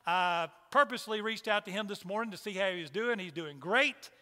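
A man's voice: high voice, brisk, pushed and bright, big-room sound. A man preaching a sermon to a church congregation, emphatic and repeating his rhetorical questions. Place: church hall.

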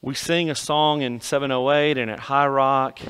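Preacher swinging loud to hushed. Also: male voice, mid-range voice, fairly even intonation, normal speed, smooth. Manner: dramatic swings between loud emphasis and hushed lines. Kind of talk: sermon. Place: church sanctuary.

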